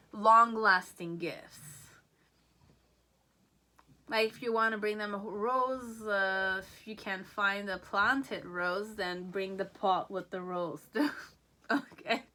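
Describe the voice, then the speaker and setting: A woman's voice: medium pitch, pushed and bright. A woman giving a casual tarot reading, chatty and rambling, often checking in with "okay?" and "you know". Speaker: tarot reader. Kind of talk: casual pick-a-card reading.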